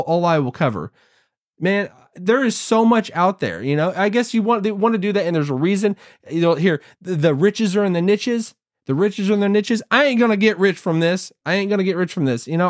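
High-voiced rambling man vlogging. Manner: rambling, restarts often, emphatic repetition. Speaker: YouTuber. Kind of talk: casual talking-to-camera monologue.

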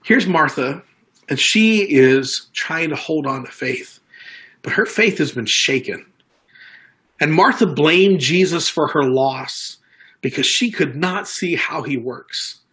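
A man's voice: on the high side, animated, slow pace, sharp tone. A man preaching a sermon in a conversational way, stumbling into restarts and acting out quoted lines. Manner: conversational preaching, frequent restarts and repeated words. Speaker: pastor.

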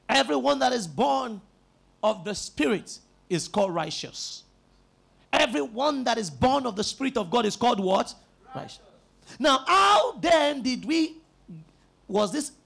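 A man's voice: very high-pitched, vocal fry, a bit bright, slightly rough. A male pastor preaching an emphatic sermon, calling on the congregation to repeat after him. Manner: emphatic, call-and-response preaching.

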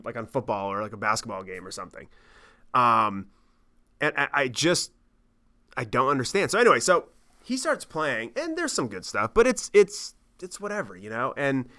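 A man in his thirties telling a travel story on his podcast, animated and rambling, with lots of swearing and fillers. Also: medium pitch. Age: 30s. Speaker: podcast host. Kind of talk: casual storytelling monologue.

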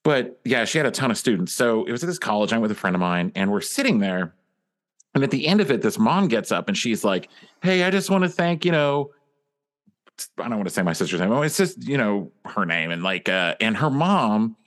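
A man's voice: on the low side, very animated, fairly quick. A man telling a story in a casual comedy podcast, with a dry, self-deprecating delivery.

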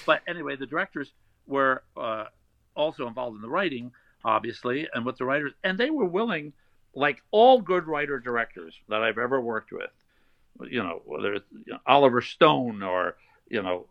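An older man spins animated stories as a guest in a relaxed interview, now and then dropping into playful character voices. His medium-pitched voice sounds dry and close. The audio is a bit dull and lo-fi. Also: moderate pace, creaky, dry recording. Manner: animated storyteller who slips into playful voices. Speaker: voice actor guest. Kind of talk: casual interview anecdotes.

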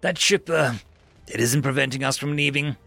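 A man's voice: mid-range voice, moderate pace, creaky, bright, forceful tone, no echo. A man voicing a small hairless male alien pilot who stammers and hesitates. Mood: flustered. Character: hairless little male alien pilot, nervous then cool.

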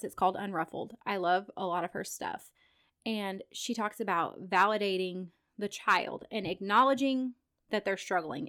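A woman hosting a parenting podcast, talking alone in a calm, earnest way and laughing softly now and then. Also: medium pitch. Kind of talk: solo podcast talk.

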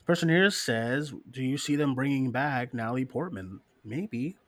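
A man's voice: mid-range voice, normal speed, no echo. A man co-hosting a casual live-stream show, reading listener questions, laughing often and cursing freely. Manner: animated, profane, laughs often, mocking voices.

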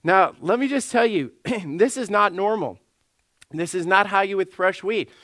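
A man, a lead pastor delivering an animated sermon. He clears his throat often and acts out the voices he quotes. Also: high-pitched, measured pace, dry recording.

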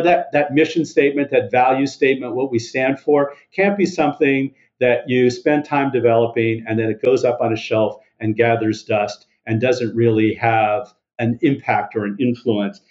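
A man speaking as a podcast guest, earnest and steady, stacking points into lists. His voice sits at a middle pitch. The audio is a little dull and lo-fi. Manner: earnest, builds lists with emphasis. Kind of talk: interview answers.

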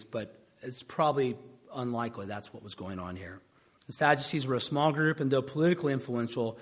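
A man's voice: medium pitch, a bit bright. A man preaching a sermon in a conversational way, with dry, sardonic asides. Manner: conversational, sardonic asides, puts on mocking voices for questioners.

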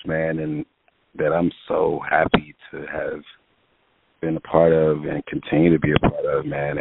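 A music producer with a rumbling low, creaky, slightly rough voice tells a casual story, animatedly acting out what people said and using lots of fillers. The recording is dry and tinny, like a phone line.

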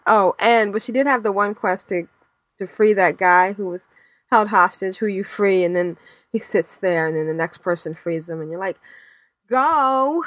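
A woman's voice: medium pitch, no echo. Woman cohost rambling along casually, lots of ums, dead dry mic. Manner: chatty, rambling, with many fillers and laughs. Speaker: podcast co-host. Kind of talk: casual chat.

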